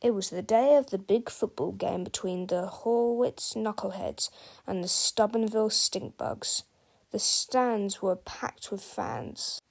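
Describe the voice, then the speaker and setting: A woman's voice: medium pitch, measured pace, vocal fry, darkish tone. A woman reading a children's book aloud, telling the story expressively and speaking to the listener directly. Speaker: storybook reader.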